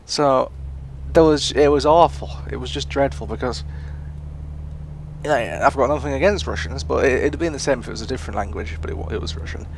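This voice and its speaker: A young man from Britain rambles through casual gameplay commentary, chatty and self-mocking. His mid-pitched voice has a gravelly edge. Faint game noise murmurs under his desk mic. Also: fairly quick. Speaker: gaming YouTuber.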